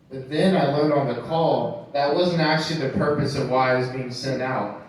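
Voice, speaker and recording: Male stand-up, high voice, brash and chatty with the crowd, distant echoey club recording. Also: normal speed. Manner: animated, swears freely, talks straight to the audience. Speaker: stand-up comedian. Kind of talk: stand-up set. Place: nightclub stage.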